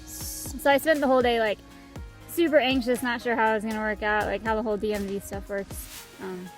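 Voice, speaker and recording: A young woman with a somewhat high voice tells a story to the camera in a relaxed way. She fills her sentences with "like" and "um," talking loosely and cheerfully. Faint music plays underneath. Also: brisk. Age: young adult. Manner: chatty, many fillers like "like" and "um". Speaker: vlog co-host. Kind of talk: casual storytelling chat.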